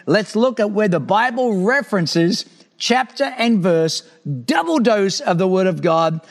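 A man hosting a preaching show, exhorting his audience with enthusiasm. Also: high voice. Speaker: TV preacher host. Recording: echoey hall reverb.

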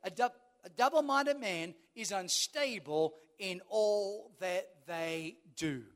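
A man's voice: high-pitched, slow pace. A man preaching a sermon as a pastor, telling a humorous personal story and acting out the dialogue. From Australia. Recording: long hall reverb.

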